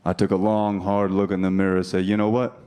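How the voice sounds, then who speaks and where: A comedian in his thirties talks fast in a low, clear, resonant voice with a dark tone and little pitch movement. He does brash, profane crowd work on a club stage, recorded live with the audience laughing in the background.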